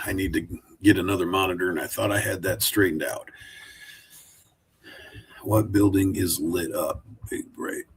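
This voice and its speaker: Low-voiced guy rambling on a home live stream, faint hum behind him. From Oregon, USA. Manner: rambling, chatty, talks to his dog. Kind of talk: casual live chat. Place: home room, sitting in a wooden chair.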